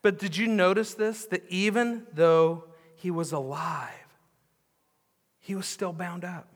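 A man preaching a sermon as pastor, telling the story with animation, repeating phrases for emphasis and dropping to hushed tones. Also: high voice, takes it slowly. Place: church sanctuary. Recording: long hall reverb.

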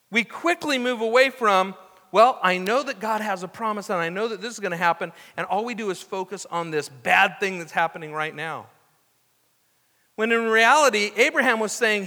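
Man, pastor, high voice, conversational sermon, echoey hall. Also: bright, forceful tone. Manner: conversational preaching with frequent restarts and asides.

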